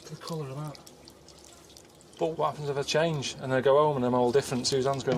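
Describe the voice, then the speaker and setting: A man in his thirties giving casual, deadpan travel-show commentary, grumbling and complaining as he goes. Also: medium pitch, moderate pace, pauses often, slight background noise. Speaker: travelling presenter.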